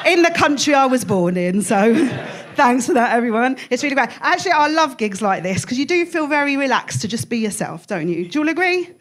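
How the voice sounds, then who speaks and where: A woman with an Essex accent works a comedy club crowd in a bright, high voice. Her delivery is playful and chatty, and she laughs through her punchlines as she goes. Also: sing-song, brisk. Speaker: stand-up comedian. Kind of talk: live stand-up set.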